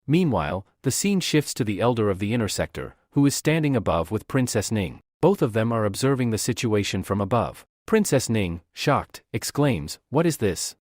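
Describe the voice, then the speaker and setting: A man's voice: lowish voice, big pitch swings, moderate pace, hardly any pauses, a little mellow, dry recording. A man narrating a comic recap in a dramatic storytelling manner. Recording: dry close recording.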